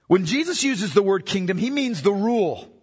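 A man with a high, husky voice preaches a sermon, hammering home key lines by repeating them. He stops to put questions straight to his listeners. His voice rings out through a large hall with a long, lingering reverb. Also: sing-song, normal speed. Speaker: pastor.

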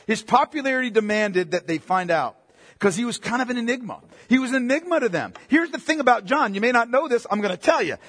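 A middle-aged man preaching a sermon in an animated, conversational way, asking listeners direct questions. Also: very high-pitched, fast, slightly rough, big-room sound. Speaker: pastor.

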